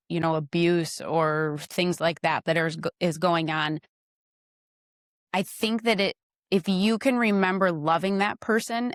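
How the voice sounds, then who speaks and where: A woman's voice: on the low side, no room sound, studio quality. A woman who is a podcast guest, talking frankly about her marriage and giving direct advice, acting out little dialogues. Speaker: podcast guest, wife of host. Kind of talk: casual chat.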